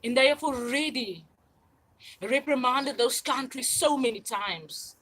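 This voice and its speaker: A woman's voice: high-pitched, a bit bright, slightly rough, low-quality recording. A woman, hosting a livestream and talking in a rambling, repetitive, insistent monologue. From South Africa. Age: 40s. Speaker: channel host.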